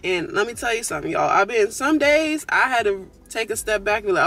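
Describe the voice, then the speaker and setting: A woman's voice: medium pitch, animated, brisk, gravelly, a bit bright, faint music behind. A woman vlogger talking from her car, giving earnest, preachy faith encouragement straight to her viewers. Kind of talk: casual faith encouragement talk.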